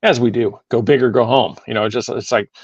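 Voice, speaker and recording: A man's voice: mid-range voice, fairly even intonation, dry recording. Rambling man on a muffled mic. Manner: rambling, halting explanations full of restarts. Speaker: podcast co-host. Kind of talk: casual podcast chat.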